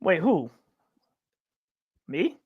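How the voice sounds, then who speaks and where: A man from upstate New York co-hosting a podcast in casual chat, rambling with many halting restarts. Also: high-pitched, very animated, husky, no room sound, narrow, tinny audio. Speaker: podcast co-host.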